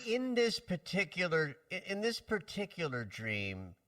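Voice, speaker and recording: A male host interprets a caller's dream with an expressive, affectionate manner. His pitch is a touch high and very animated, his tone bright, and the dry recording places him slightly back from the mic. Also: unhurried, dry recording, distant mic. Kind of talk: radio-style advice talk.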